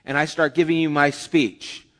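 A man's voice: fairly high pitch, flat delivery, moderate pace, a bit bright. A man preaching a conversational sermon as a pastor, with acted asides. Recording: long hall reverb.

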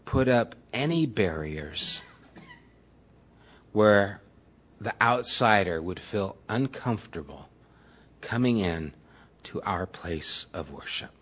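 A man's voice: fairly low pitch, expressive, slow, long pauses, a bit bright. A man preaching a sermon as the pastor, retelling scripture in everyday, conversational words.

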